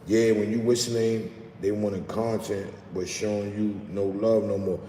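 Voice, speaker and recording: A low-pitched man with a New York accent, talking casually to his livestream viewers in loose street slang. The sound is roomy, with a long echoing reverb and a faint hum of background noise. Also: steady tone, slow pace, mellow. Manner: loose, talkative street slang, reading chat aloud. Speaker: livestream host. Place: outdoors in the city, rain starting.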